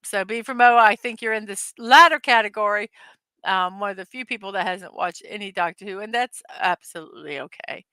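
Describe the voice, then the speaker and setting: Bright-voiced chatty woman hosting a livestream. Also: mid-range voice, a little fast, clear, resonant tone, no echo. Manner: chatty, giggly, reads viewer comments aloud. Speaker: livestream host. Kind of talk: casual live-stream chat.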